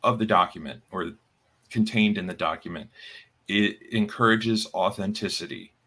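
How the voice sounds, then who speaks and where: Bright-voiced man chatting on a podcast. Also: lowish voice, breathy edge. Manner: halting, many fillers and restarts. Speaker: podcast co-host. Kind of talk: casual chat.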